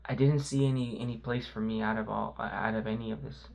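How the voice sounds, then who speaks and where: A man talking candidly about his faith in a personal vlog, reflective and halting, with many "you know" fillers and the odd soft whisper. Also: on the low side, steady tone, vocal fry. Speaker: vlogger.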